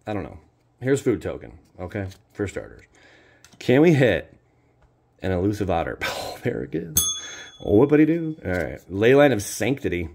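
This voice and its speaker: Gravelly deep-voiced man muttering and exclaiming. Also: very animated, normal speed, pauses often, a little hiss or hum. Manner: swings between loud exclamations and low muttering asides. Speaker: card-opening channel host. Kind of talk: casual pack-opening commentary.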